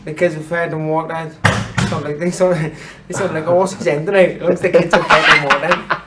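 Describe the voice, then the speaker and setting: A man in his thirties, a boxer chatting casually as an interview guest, blunt and sweary and quick to laugh. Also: on the high side, flat delivery, heavy background noise. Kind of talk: casual chat.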